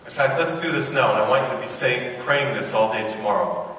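In a large church, a priest giving a parish mission preaches in a folksy, storytelling manner, slipping jokes between his points. His medium-pitched, fairly bright voice moves fairly quickly, heard from far off amid echo and slight background noise.

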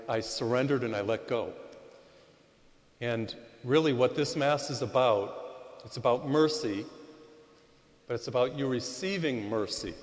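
A man giving a Gospel reading and homily as a priest, speaking directly to a congregation through a loud microphone and leaning on rising emphasis to tell his stories. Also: medium pitch. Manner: talks straight to the congregation and asks them to repeat phrases. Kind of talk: sermon. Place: large church before a congregation. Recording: long church reverb.

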